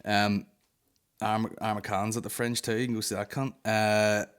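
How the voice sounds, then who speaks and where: A man's voice: lowish voice, little pitch movement, moderate pace, clear, resonant tone. A man with a Northern Irish accent hosting a comedy podcast, telling sweary, rambling stories and slipping into put-on voices. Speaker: podcast host. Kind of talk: casual comedy monologue.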